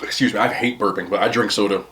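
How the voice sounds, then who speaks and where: A man's voice: lowish voice, steady tone, quick pace, background noise. A young man who vlogs about eating, chatting casually as he eats on camera, often talking with a mouthful and rambling. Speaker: mukbang vlogger.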